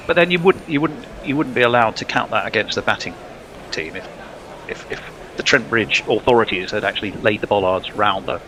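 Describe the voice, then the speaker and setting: A man's voice: fairly low pitch, fairly quick, bright, forceful tone, a little hiss or hum. A man doing ball-by-ball cricket commentary in a playful, joking way, often laughing. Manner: playful, laughing, jokey banter.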